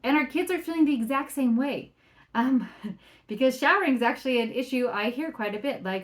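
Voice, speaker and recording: A parenting coach talks on her solo podcast in a conversational way, often checking in with "right?" and acting out quoted remarks in a livelier or softer voice. Her voice is high and brisk, with lively intonation.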